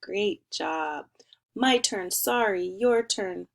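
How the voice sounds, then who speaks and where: Teaching spelling to first graders remotely, a young woman speaks at medium pitch with a creaky quality. She draws out words slowly in an encouraging, sing-song manner.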